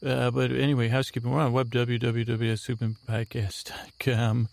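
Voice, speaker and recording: A man hosting a sleep podcast in a soft whisper, rambling and interrupting himself while out on a night walk. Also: mid-range voice, flat delivery, a little fast, vocal fry. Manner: whispering, meandering and self-interrupting. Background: crickets chirping.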